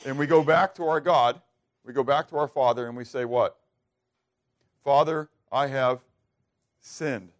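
A man's voice: medium pitch, moderate pace, pauses often. Man preaching with questions to listeners. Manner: asks the congregation questions and acts out quoted prayers. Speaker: pastor. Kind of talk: sermon.

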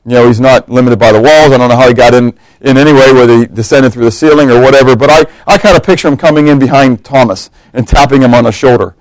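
A man's voice: medium pitch, fast, hardly any pauses, no room sound, poor audio. A man preaching a sermon, telling stories with humor and acting out the voices of the people in them. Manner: animated storytelling, acting out quotes, humorous asides.

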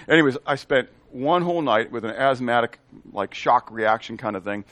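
Animated pastor preaching, question and answer. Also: male voice, mid-range voice, normal speed, dry recording. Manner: animated, asks the congregation questions and answers them; playful asides in made-up words. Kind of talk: sermon.

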